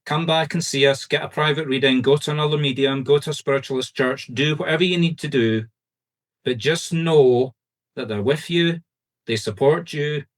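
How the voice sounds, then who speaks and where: A man with a Scottish accent working as a medium, giving fast, insistent, reassuring readings to a group over a video call. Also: a little high. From Scotland.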